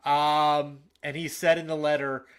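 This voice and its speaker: A man co-hosting a casual sports podcast. He talks in an animated, opinionated way and often restarts his sentences. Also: on the high side, a little slow, clean tone. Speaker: podcast co-host.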